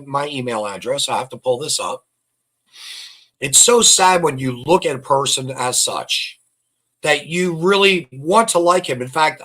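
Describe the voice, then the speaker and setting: A man's voice: a little high, pushed and bright. A man hosting an online show, rambling through public records with scorn and repeating himself. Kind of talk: casual commentary reading out records.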